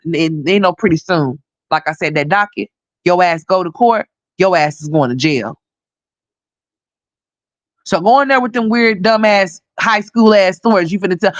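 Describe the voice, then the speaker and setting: A woman hosting a livestream, giving blunt, profane commentary and scolding directly, her voice hoarse. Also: medium pitch, no room sound, muffled recording. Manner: blunt, scolding, profane, talks straight to viewers.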